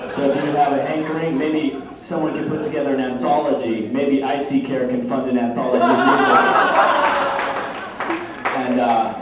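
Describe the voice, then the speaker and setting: A man's voice: medium pitch, steady tone, normal speed. A man, a grandson, giving a humorous birthday speech full of playful family anecdotes. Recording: echoey hall from far off, crowd noise.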